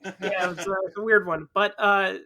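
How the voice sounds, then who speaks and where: A man hosts a mock courtroom podcast with playful formality, reading out the proceedings. His voice is high for a man and bright. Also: steady tone, normal speed. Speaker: podcast judge presiding.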